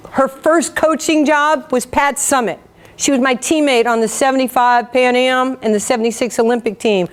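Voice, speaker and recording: A woman's voice: sits high, smooth. A woman, giving a motivational talk full of stories and acted-out dialogue. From New York. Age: 50s. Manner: animated, acts out quoted dialogue. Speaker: guest speaker.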